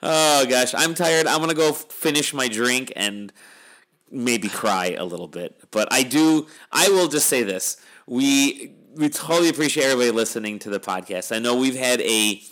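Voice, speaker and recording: This middle-aged podcast host has a mid-range, fairly bright voice. Wrapping up the episode of his casual podcast chat, he sounds wry and weary and tends to ramble.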